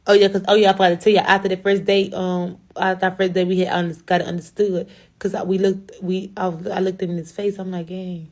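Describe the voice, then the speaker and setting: A young adult woman with a Chicago accent telling a blunt, profane, animated story in a casual storytime to camera. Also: lowish voice, fast, hardly any pauses. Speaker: rapper.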